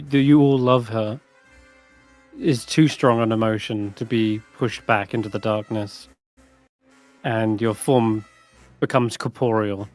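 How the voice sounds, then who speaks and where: A man narrating as dungeon master in a tabletop game, describing the scene deliberately. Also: medium pitch.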